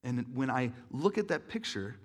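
A man's voice: mid-range voice, expressive, normal speed. A man in his thirties telling a personal story in an earnest, emotional sermon, with many restarts and fillers.

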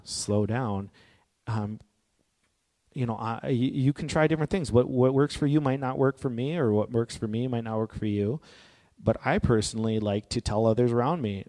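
A man giving a reflective, personal talk in an earnest, gently encouraging way. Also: mid-range voice, normal speed. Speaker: speaker on grief and healing. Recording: long hall reverb.

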